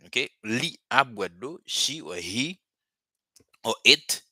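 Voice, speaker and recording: A man's voice: lowish voice, lively intonation, a little slow, sharp tone, dry recording, clean studio sound. A man teaching a live language lesson, patiently repeating words and phrases for his students.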